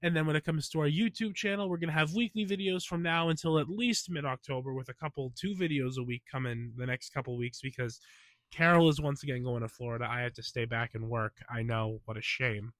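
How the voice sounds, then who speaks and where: A man's voice: mid-range voice, fairly even intonation, a little fast, fairly bright tone, dry recording. A man hosting a podcast in a casual, opinionated monologue, sounding stuffy from a cold and throwing in emphatic asides. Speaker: podcast host.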